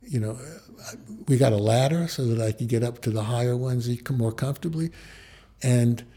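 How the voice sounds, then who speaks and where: Older man, husky voice, from the Bronx, animated storyteller, photographer. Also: medium pitch. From New York, Bronx. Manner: animated, acts out quoted voices, halting restarts. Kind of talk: personal anecdote storytelling.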